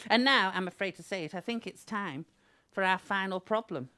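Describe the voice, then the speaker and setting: A woman's voice: medium pitch, expressive, normal speed, bright, forceful tone. A woman hosting a comedy agony-aunt show, arch and theatrical, full of sardonic asides. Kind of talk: camp comic agony-aunt banter.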